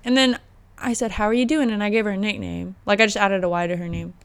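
A woman's voice: mid-range voice, fast talker, creaky, clean tone. Chatty young woman telling a story. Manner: storytelling, animated, laughs often. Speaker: podcast host. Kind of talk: casual chat.

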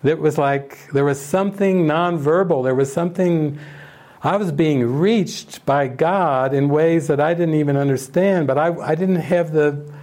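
An older man speaking as a spiritual teacher at an online retreat, telling stories with soft laughs. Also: fairly high pitch, unhurried. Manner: warm storytelling with soft laughs. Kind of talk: retreat talk. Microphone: online retreat session.

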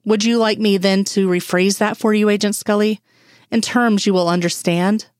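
A woman's voice: mid-range voice, steady tone, moderate pace, a little mellow, dry recording, natural voice. A woman voicing a stern, condescending male FBI assistant director in a dry-sounding read story. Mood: sneering. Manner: cold, clipped, condescending.

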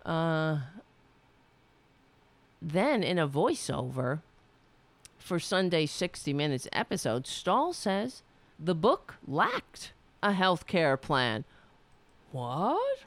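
A woman's voice: low-pitched, big pitch swings, slow pace, long pauses. A woman hosting a livestream, ranting angrily with profanity and self-mockery. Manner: angry, profane, self-mocking. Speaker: livestream host. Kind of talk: ranting commentary.

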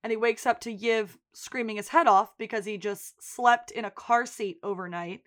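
A woman's voice: fairly high pitch, moderate pace. A woman co-hosting a podcast, recapping a TV episode in casual chat and acting out characters' lines. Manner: animated recapping, acting out quotes. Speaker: podcast co-host.

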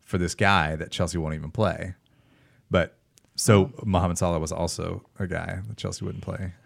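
Deep voiced guy cohosting, opinionated, teasing, dry mic. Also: flat delivery, vocal fry, breathy edge, dry recording. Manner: opinionated, quick teasing banter. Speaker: podcast co-host. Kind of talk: casual sports chat.

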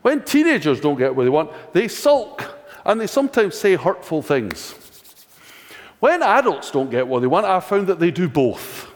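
Older scottish guy preaching, lively up and down voice, lots of "do you know what i mean", echoey church. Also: on the high side, normal speed. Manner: conversational, rhetorical questions, dry self-mocking humour. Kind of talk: sermon. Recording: long reverb of a church hall.

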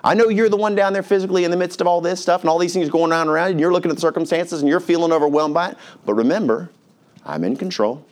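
A man voicing a calm male divine figure who reassures a frustrated follower. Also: fairly high pitch, racing, voice pushed up, close to an everyday voice. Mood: reassuring.

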